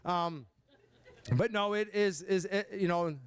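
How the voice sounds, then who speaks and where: A middle-aged man from Michigan giving an emotional, halting banquet speech as head football coach. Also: sits high, smooth, dry recording. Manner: emotional, halting, many restarts.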